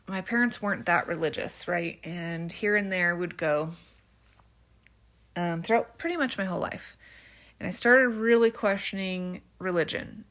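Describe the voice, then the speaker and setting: A woman with a somewhat low voice talks loosely and rambles off on tangents, full of "um" and "like". A slight stutter breaks in here and there, and a faint rural American twang slips into some words. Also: a bit bright. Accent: slight rural American twang at times. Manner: chatty, rambling, many fillers and tangents. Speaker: vlogger. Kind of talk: casual storytelling while crafting.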